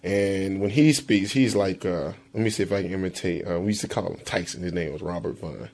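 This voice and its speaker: A man from Florida, a dialect recording subject, reading a passage and then telling animated stories with impressions. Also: deep voice, a little fast, creaky. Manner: animated, laughs, does impressions. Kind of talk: read passage then casual storytelling.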